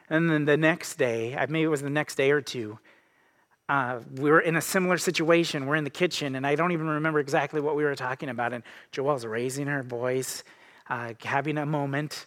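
Man, pastor, conversational sermon, earnest, personal, restarts his sentences, somewhat high voice. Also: fairly even intonation, brisk, a bit bright.

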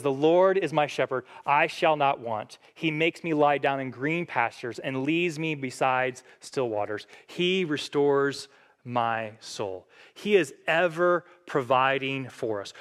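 A male pastor delivers a sermon earnestly, reading scripture aloud and raising his pitch and force whenever he quotes it.

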